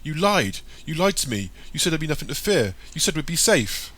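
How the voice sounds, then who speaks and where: A man voicing a frightened but fierce young girl who shouts orders at her friends in a storybook. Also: medium pitch, steady tone, moderate pace, close to an everyday voice. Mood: shouting. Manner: shouting, bossy and urgent.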